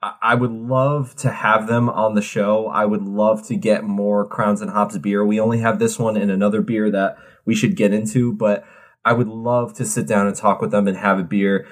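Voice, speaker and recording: A man's voice: lowish voice, little pitch movement, normal speed. A man co-hosting a beer podcast in casual chat, rambling and laid-back, at times reading out a can label. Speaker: podcast co-host.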